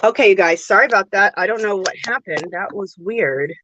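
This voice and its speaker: A woman's voice: mid-range voice, a little fast, dull audio, noisy background. A woman hosting a casual crafting livestream, chatty and effusive as she greets viewers and reads their comments aloud, recorded on a phone. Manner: chatty and effusive, calls viewers girl and sweetie. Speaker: livestream host of a yarn crafting show.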